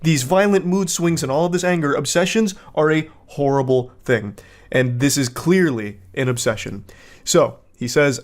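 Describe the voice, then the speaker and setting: A man giving casual online video commentary with sarcastic, deadpan asides. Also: on the high side, normal speed.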